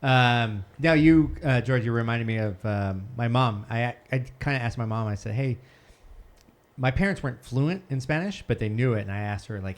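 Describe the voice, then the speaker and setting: よく笑う中くらいの声の男性. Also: male voice, mid-range voice, normal speed. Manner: laughs often, rambling anecdotes. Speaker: podcast co-host. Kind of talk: casual podcast chat.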